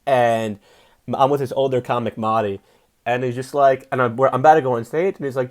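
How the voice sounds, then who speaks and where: A young adult man, a comedian, telling a rambling, profane story in a casual monologue and getting loud and fired up when he preaches. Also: medium pitch, quick pace. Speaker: comedian and podcast host.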